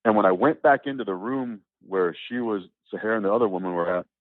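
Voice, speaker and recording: A man telling a personal story as an interview guest, animated and acting out the dialogue as he goes. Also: lowish voice, fast, dry recording. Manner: animated, acts out quoted dialogue, repeats words. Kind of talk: casual spoken storytelling. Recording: tinny, phone-like, dry.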